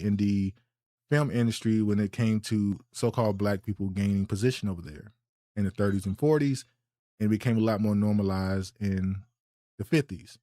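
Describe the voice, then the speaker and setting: A man's voice: lowish voice, no room sound, clean studio sound. A man hosting a podcast, reacting bluntly and indignantly to clips and often repeating words as he restarts. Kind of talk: reaction commentary.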